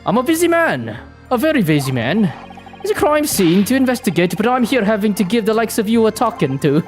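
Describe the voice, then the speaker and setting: A woman voicing a gruff, busy English police inspector, a middle-aged man with a put-on English accent, speaking brusquely and impatiently in a game playthrough. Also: medium pitch, sing-song, brisk, soft background music, close to an everyday voice.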